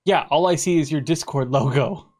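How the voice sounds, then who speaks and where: Young American man, voice sits a bit high, teasing banter with plenty of swearing over voice chat. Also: moderate pace, darkish tone. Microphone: online voice chat.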